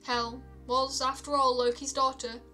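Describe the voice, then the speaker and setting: A woman reading myths aloud on a stream, calm, with small stumbles and restarts. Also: high-pitched, a little slow, soft background music. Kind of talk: storytelling read-aloud.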